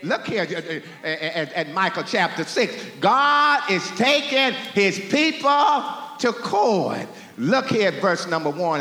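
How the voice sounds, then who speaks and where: Male pastor, very high and animated, unhurried sermon delivery with call-and-response, church hall reverb. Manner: slow, drawn-out preaching that builds to shouting. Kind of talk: preaching a sermon. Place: church sanctuary. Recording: roomy hall with long reverb.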